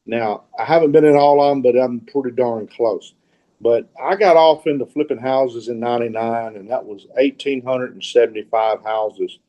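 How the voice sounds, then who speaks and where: A middle-aged man with a Southern accent talks through an informal online presentation. His voice is mellow and relaxed, and his pitch sits in the middle of the male range. He rambles in a folksy way, restarting sentences and doubling up on words. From Mississippi. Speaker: guest speaker, real estate investor.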